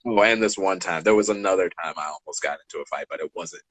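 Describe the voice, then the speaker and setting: A man in his twenties co-hosting a podcast, telling stories in a casual, animated way and acting out the dialogue. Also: sits low, fast talker, no room sound, rough recording. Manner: animated, acts out dialogue, laughs between lines. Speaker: podcast co-host. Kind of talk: casual storytelling chat.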